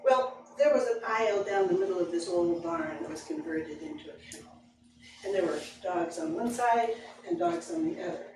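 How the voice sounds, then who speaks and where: A woman storyteller telling a personal tale to a live audience, slow and dramatic with frequent chuckles. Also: mid-range voice, animated. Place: library event room with live audience. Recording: echoey hall, distant mic, background noise.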